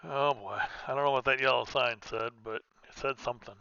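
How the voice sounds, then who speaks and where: Bright, clear-voiced man rambling while gaming. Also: medium pitch, fairly quick, dry recording, highs cut off. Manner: rambling, self-interrupting, chatty. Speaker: gaming streamer. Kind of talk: casual gameplay commentary.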